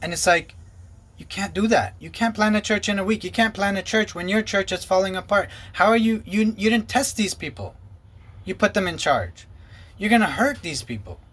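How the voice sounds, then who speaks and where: A man's voice: fairly bright tone, husky. A man, a former pastor, giving an earnest and emotional personal testimony. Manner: earnest, emotional, quotes others in lowered voice. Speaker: former pastor and ministry co-founder.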